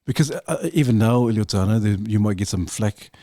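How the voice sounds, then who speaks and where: A man's voice: lowish voice, fairly quick, mellow, no echo, clean studio sound. A man hosting a casual interview, asking probing questions and dropping in casual interjections. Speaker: podcast host.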